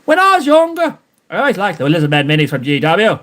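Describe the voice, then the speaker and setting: A cheeky, shameless Irishman with a put-on Irish accent, as a streamer does a friend's voice. He talks high and excited, swoops all over the place, and keeps bursting into laughs. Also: brisk, full character voice. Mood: wistful.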